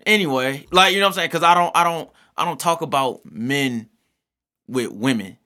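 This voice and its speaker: Man, podcast co-host, casual profane chat, bright tone, acted-out quotes. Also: a little high, normal speed. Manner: laid-back, profane, swings into animated quoted voices.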